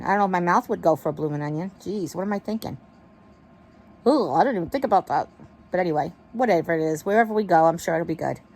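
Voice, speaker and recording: A woman's voice: on the low side, a little mellow. A woman vlogger chatting casually to her viewers from her bed in a rambling, affectionate way. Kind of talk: casual chat to camera. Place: bedroom, in bed. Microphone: wireless earbud mic.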